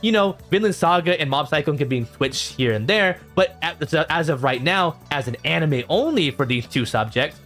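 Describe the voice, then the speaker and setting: Male vlogger, higher pitch, animated reactor, light music bed underneath. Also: normal speed, few pauses. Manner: animated, jumps in pitch when exasperated. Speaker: YouTuber reacting to comments. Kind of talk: casual reaction vlog.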